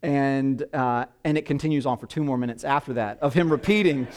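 A middle-aged man preaching a sermon in a conversational, halting way, with many fillers and restarts. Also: medium pitch. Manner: hushed, reverent when praying. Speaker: pastor. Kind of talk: sermon with prayer.

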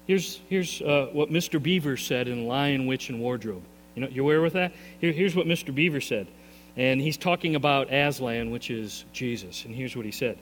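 A man's voice: mid-range voice, expressive, normal speed. A male pastor preaching a sermon in a church, earnest, often repeating his words as his intensity rises and falls. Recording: long reverb in a hall, faint mains hum.

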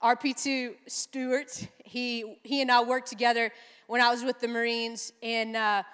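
A woman's voice: fairly high pitch, level tone, measured pace, a bit bright, clean tone. A woman chaplain giving a sermon, telling stories with emotion and frequent laughter. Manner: emotional, laughing, chatty storytelling. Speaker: naval chaplain preaching. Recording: long hall reverb.

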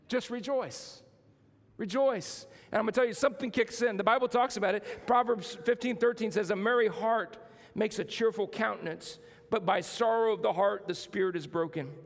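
A man's voice: high voice, long reverb tail. A man preaching a sermon as pastor, building emphasis and calling on the congregation to respond.

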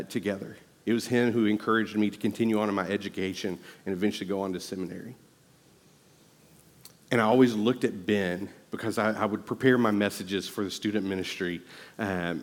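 A male pastor preaching a sermon, telling a personal story earnestly and rising to loud, emphatic exhortation. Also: lowish voice, big-room sound.

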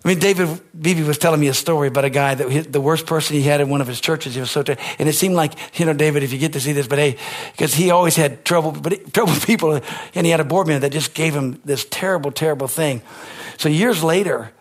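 A man preaching a sermon as pastor, animated and conversational, rising to shouts on his high points. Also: quick pace.

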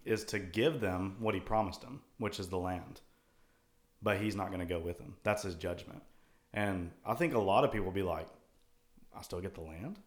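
A man co-hosting a casual Christian talk show, thoughtfully quoting and explaining scripture at length. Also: low-pitched. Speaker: co-host. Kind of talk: casual Bible discussion.

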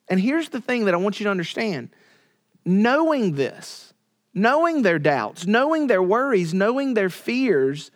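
A man preaching with a high, bright voice as a pastor. He lets key phrases fall to a near hush, then climbs and pushes hard when he drives a point home. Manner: dramatic pauses, drops to a hush for quoted words. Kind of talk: sermon.

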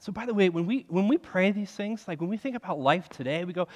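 A man preaching a sermon in an animated, conversational way, leaning on the word "like" as he talks. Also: high-pitched, fast talker, few pauses, long reverb tail. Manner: animated, conversational, heavy use of filler "like". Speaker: pastor.

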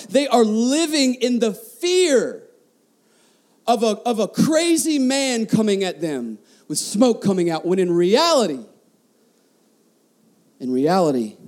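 A man's voice: extremely high pitch, a little mellow. A man preaching a sermon as a pastor, passionate, often repeating words and asking the congregation questions.

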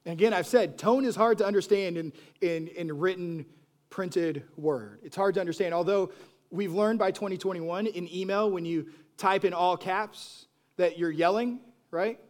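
A man preaching a sermon, moving between hushed, soft lines and loud, animated bursts, and acting out pleading voices. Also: sits high, moderate pace. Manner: acts out quoted voices with pleading repetition. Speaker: pastor.

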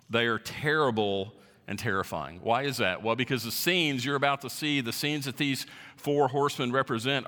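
A man's voice: mid-range voice, pushed and bright. A man preaching a sermon as pastor, teaching verse by verse and stressing key words. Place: church sanctuary. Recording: reverberant hall.

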